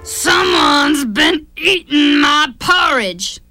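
A woman voicing a big gruff male papa bear in a storybook reading, talking slowly with a growling shout. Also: sits high, lively intonation, loud music behind the voice, voice pushed up, full character voice. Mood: grumpy.

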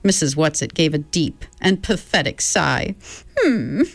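A woman narrating an audiobook with expressive, steady storytelling. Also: deep voice, moderate pace, gravelly, dry recording. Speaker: reader.

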